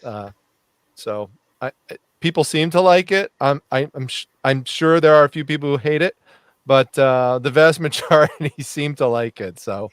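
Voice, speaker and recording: A man, a reseller who makes videos, tells a story on a live show. His voice is smooth and fairly high, and the sound is dry. He talks reflectively, with many uh's. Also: lively intonation, normal speed, no room sound. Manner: reflective, with frequent uh and um. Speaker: reseller YouTuber guest. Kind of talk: casual storytelling.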